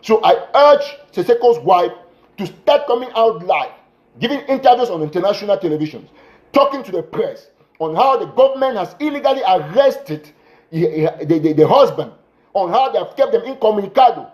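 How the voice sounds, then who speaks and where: High-voiced man delivering an impassioned appeal. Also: very animated, moderate pace, dull audio. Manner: urgent, repetitive exhortations, bursts of shouting. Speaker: political commentator. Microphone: phone.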